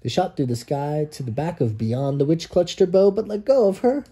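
A man, a dad, reading a rhyming picture book aloud to his child and pausing so the child can fill in the rhymes. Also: fairly high pitch, animated, dark tone, slightly rough. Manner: reads rhymes with pauses for a child to finish them. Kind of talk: bedtime story read-aloud.

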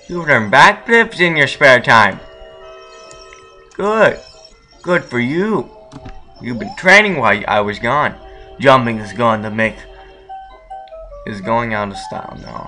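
A young man casually commenting on a video game he is playing, goofy and jokey, talking back to the characters. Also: mid-range voice. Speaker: let's play gamer. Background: game music.

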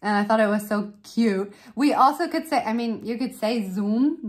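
A woman's voice: a little high, moderate pace. A woman from Canada, casually reacting to a video for her vlog, amused and laughing often. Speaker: vlogger and parent.

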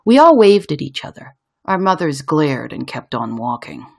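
Husky woman reading a picture book. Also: low voice, normal speed. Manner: expressive storytelling. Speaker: children's book reader.

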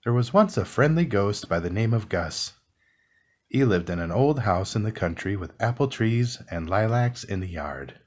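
A man reading a classic children's book aloud in a calm, soothing bedtime style. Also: fairly low pitch, a little hiss or hum. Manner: slow, soothing, expressive reading. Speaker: storybook reader.

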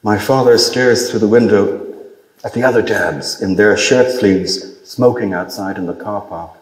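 A man reading his own literary story aloud in a measured, dry manner. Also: on the low side, echoey room, poor audio. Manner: measured, dry storytelling with brief lifts for quoted dialogue.

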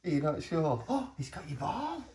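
A woman talking to her baby in a high, giggly, coaxing sing-song. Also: big pitch swings, normal speed, a little mellow, slight background noise. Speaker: parent filming her baby.

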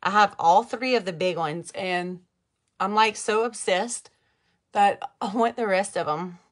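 A makeup vlogger from Louisiana with a thick Cajun accent chats with viewers during a live makeup tutorial. Her voice is medium-pitched and measured in pace, and she talks directly to her audience and reads out their comments.

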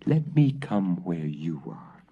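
A man voicing a sly, soft-spoken thin female cat who whispers and hisses, in a lively storybook reading on a dull old recording. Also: deep voice, slow, husky, exaggerated voice. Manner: soft, hissing.

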